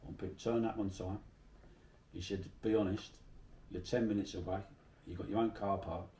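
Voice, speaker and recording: His voice is on the low side and mellow, with fairly even intonation and a brisk pace, captured far from the mic in a roomy space with a little hiss or hum. This middle-aged South London man from Bermondsey chats through a casual interview, swearing freely as he tells salty stories.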